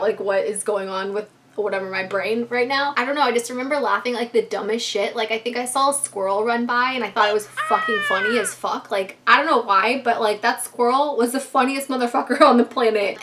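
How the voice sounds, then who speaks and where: A young woman telling a casual storytime to camera, animated and profane, laughing often. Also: on the high side. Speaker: vlogger.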